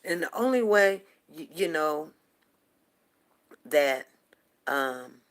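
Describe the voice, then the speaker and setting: A woman with a deep, animated voice delivers a casual talk-show monologue at a slow pace. As host, she rambles and repeats herself while hammering home her points to the audience.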